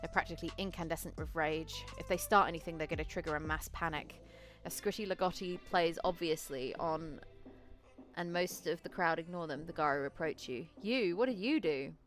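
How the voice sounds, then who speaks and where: A woman's voice: low-pitched, fairly even intonation, fairly quick, fairly bright tone, soft background music. A woman narrating a solo tabletop role-playing game in a casual second-person style, correcting herself as she goes.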